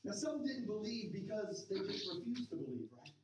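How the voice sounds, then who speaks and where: A woman preaching a sermon in an animated way, repeating phrases and acting out the voices of crowds. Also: mid-range voice, moderate pace, noisy background. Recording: echoey hall, heard from a distance.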